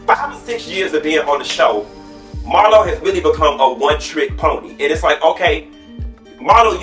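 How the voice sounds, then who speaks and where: Man, sassy blunt commentary, slightly higher voice, distant mic, echoey room, profane. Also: a bit bright. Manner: sassy, profane, matter-of-fact.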